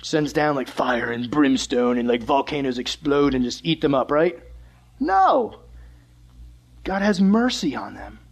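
A young man preaching a lively, conversational sermon as a youth pastor. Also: mid-range voice, measured pace, vocal fry.

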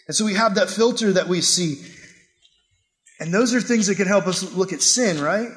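Young male youth pastor, casual and animated sermon, fairly high voice. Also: moderate pace. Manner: casual, animated youth preaching with acted-out quotes.

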